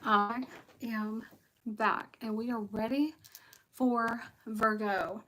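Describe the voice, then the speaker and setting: A high-voiced woman with a West Virginia accent chats with her livestream viewers as a tarot reader. Her tone is bright and her delivery unhurried. She rambles from one story to the next and greets commenters by name. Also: steady tone, slight background noise, rough recording. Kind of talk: casual livestream chat.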